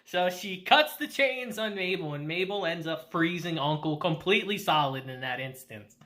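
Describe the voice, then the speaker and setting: Woman gushing thru an anime recap, keeps laughing, voice jumps all over, sharp bright tone. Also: fairly low pitch. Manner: laughs often while retelling; animated, acts out characters in quick asides. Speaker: anime reviewer. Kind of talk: casual episode recap.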